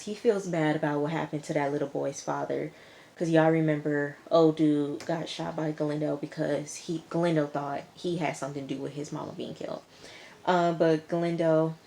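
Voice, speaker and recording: Brief: young woman, low voice, sassy casual TV recap vlogger who snaps back at characters. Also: gravelly, a little mellow, slight background noise. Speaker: TV episode reviewer.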